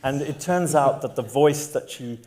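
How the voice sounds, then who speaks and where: A middle-aged man from Zimbabwe, an author talking onstage who stumbles and restarts a lot in conversation, then reads from his memoir in a measured way. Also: mid-range voice, darkish tone. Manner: hesitant with many restarts when talking, measured when reading aloud. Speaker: author and guest. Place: onstage at a public talk.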